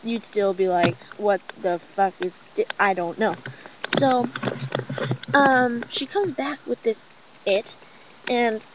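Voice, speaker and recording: A young woman rambling through a casual gossip vlog at home, mocking and profane, with many fillers. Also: a little high. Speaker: vlogger. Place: room at home with a cousin talking nearby. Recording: noisy home webcam recording.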